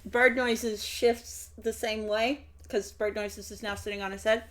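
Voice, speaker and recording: A woman's voice: a little high, steady tone, measured pace. A woman narrating as game master over a voice call, chatty and laughing often.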